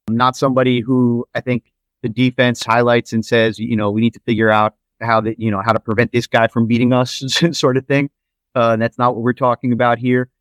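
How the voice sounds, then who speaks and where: A man's voice: mid-range voice, no echo. A man hosting a football podcast, talking in a loose, rambling way with lots of asides and restarts. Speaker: podcast host. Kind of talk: casual sports analysis chat.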